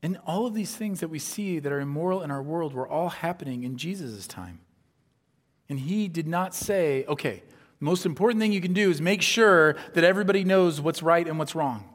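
A man's voice: a little high, animated, normal speed. A man from the upper Midwest preaching a sermon. He talks in a conversational way, with rhetorical asides, and acts out the voices he quotes. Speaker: pastor. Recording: long hall reverb.

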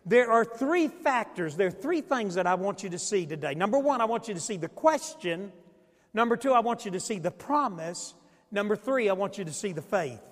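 Pastor, male, high voice, call-and-response sermon delivery, church reverb. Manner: call-and-response preaching, repeats phrases. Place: church sanctuary.

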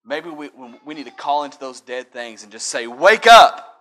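A man preaching a sermon, moving from conversational talk to loud, fervent preaching. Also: medium pitch, a little fast. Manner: builds from conversational to shouted preaching. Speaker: pastor. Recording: music playing underneath.

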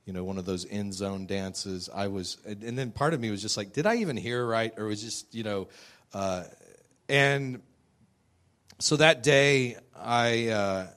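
A man sharing a personal testimony in a conversational storytelling style, self-deprecating and quick to laugh. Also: fairly low pitch, fairly even intonation, a bit bright.

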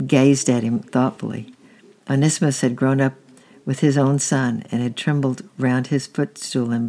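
Flat, gravelly storyteller reading aloud. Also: mid-range voice. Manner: unhurried, steady reading with occasional slips.

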